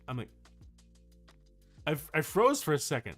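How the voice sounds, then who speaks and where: Lively higher-voiced male streamer. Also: moderate pace, faint music behind. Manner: animated storytelling with frequent restarts. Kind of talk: casual livestream chat.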